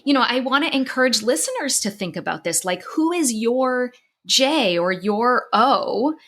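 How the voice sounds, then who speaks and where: A woman's voice: fairly high pitch, lively intonation, unhurried, fairly bright tone. A middle-aged woman podcast host and psychologist, telling a personal story in conversation, candid and emotional with many restarts, crying at times.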